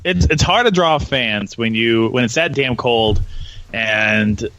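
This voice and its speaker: A man's voice: mid-range voice, takes it slowly, fairly bright tone, slight background noise, poor audio. A man co-hosting a casual sports podcast, from Minnesota, loose and jokey, with a lot of uh and restarts. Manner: loose and jokey, hesitant with many uhs. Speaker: podcast co-host.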